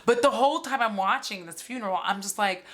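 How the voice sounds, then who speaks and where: This movie commentary streamer, a woman in her forties, talks fast in a mid-range, slightly bright voice. Her recap is casual and sarcastic, packed with "like" and sprinkled with swearing she doesn't hold back on.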